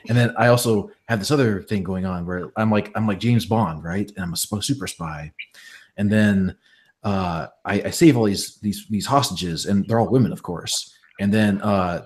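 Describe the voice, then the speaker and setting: A smug, self-important older actor boasts about his own script ideas, as a man does an impression of him. The voice sits low and keeps a grand air. It is done casually, in the flow of a conversation. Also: darkish tone, lightly acted. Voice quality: pompous. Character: pompous older male actor pitching lewd scripts. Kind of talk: impression within casual chat.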